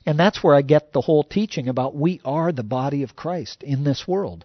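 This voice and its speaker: A man's voice: on the high side, animated, moderate pace, few pauses, dry recording, dull audio. A man preaching a sermon as a pastor, conversational and full of "you know" fillers.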